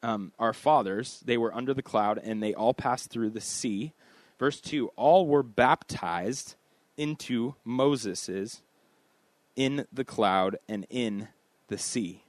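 A man's voice: medium pitch, measured pace, dry recording. A man preaching a casual expository sermon, talking in a conversational, self-deprecating way with offhand asides.

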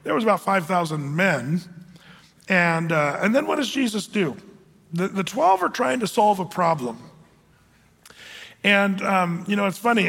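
Male pastor, high voice, casual rambling sermon delivery, hall reverb. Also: lively intonation, unhurried, creaky, pauses often, a bit bright, slightly rough. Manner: conversational, rambling with many fillers and restarts; acts out quoted voices with raised pitch.

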